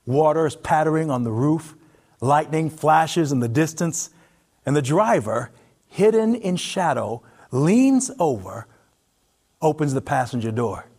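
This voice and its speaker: A man narrating a story in the second person, in an expressive, intimate, vivid way. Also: fairly high pitch, a little slow.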